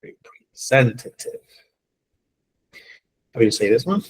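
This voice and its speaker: A man's voice: mid-range voice, measured pace, a little mellow, slight background noise. A man teaching an online English class, playful and encouraging, joking with his students.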